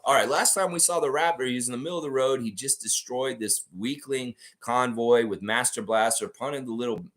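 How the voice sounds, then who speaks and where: Dude rambling about basketball on his vlog, middle pitch voice, lots of ums and uhs. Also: a little fast, few pauses. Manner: rambling, animated, lots of fillers. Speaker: basketball fan vlogger. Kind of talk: casual sports chat and improvised storytelling.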